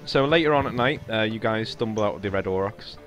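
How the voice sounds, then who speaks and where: Man game master, halting and low. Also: fairly bright tone. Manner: hesitant, many fillers and restarts. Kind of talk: narrating a tabletop game. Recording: faint music behind.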